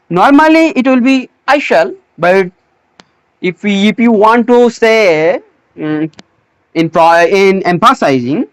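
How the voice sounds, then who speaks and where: A teacher giving a slow English grammar lesson, pausing, repeating words and restarting phrases as they explain. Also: medium pitch, dry recording. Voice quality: non-native English phrasing.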